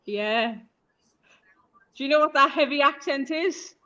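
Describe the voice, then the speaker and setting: Liverpool woman co-host, chatty storyteller, bright tone, muffled lo-fi stream sound. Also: high voice, a little slow. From Liverpool, England. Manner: chatty storyteller, acts out quoted lines. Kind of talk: casual chat. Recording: dull lo-fi live stream audio.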